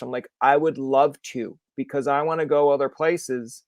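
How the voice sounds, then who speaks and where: A man from Newfoundland hosting a casual podcast chat, joking and acting out loud bits with a high voice. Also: fairly even intonation, normal speed, dry recording, studio quality. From Newfoundland, Canada. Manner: jokey, acts out loud high-pitched bits. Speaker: podcast host.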